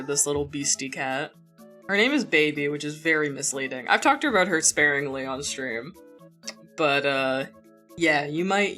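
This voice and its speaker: A woman's voice: sits low, fairly bright tone. A young woman streamer chatting casually into a borrowed mic at home, rambling and laughing often. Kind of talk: casual live-stream chat. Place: home room. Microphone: borrowed desk mic. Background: faint background music.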